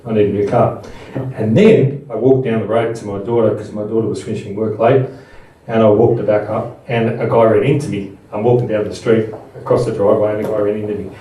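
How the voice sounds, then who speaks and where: A man's voice: on the low side, steady tone, fairly quick, warm tone, far from the mic. Man talking in an echoey room. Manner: conversational and anecdotal, with frequent restarts. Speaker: speaker at a Buddhist seminar. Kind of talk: talk to a live audience. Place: room with an audience.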